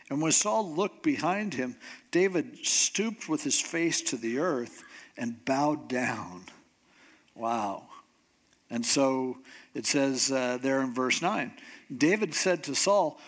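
A man preaching in a casual, conversational way, retelling a scripture story with slang and lively asides. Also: medium pitch, slow.

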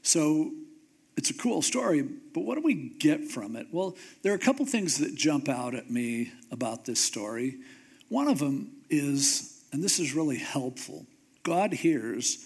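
A man pastor giving a conversational, humorous sermon, slowing down for emphasis. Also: mid-range voice, slightly rough.

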